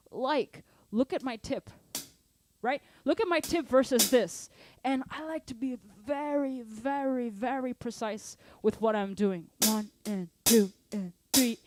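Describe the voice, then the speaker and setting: A woman teaching a drum lesson, energetic, counting beats aloud and asking her students to stay engaged. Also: sits high, noisy background. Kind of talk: live online drum lesson. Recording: drum kit playing behind. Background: drum kit.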